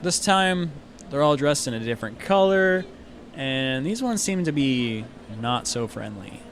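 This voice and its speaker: A man's voice: mid-range voice, very animated, a little slow, gravelly, slight background noise. A man narrating a tabletop game as game master, casual and rambling with many fillers.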